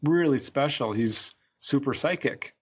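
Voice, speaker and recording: A man's voice: mid-range voice, a little slow, breathy edge, muffled recording. A man quoting a worried, earnest mother in a slightly raised voice while telling a story. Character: worried, earnest mother recounting events, woman.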